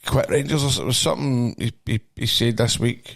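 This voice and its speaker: Gravelly Scottish man telling a rambling story. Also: medium pitch, fast talker, a bit bright. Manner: rambling storyteller, swears, laughs a lot. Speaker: podcast host. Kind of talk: casual banter.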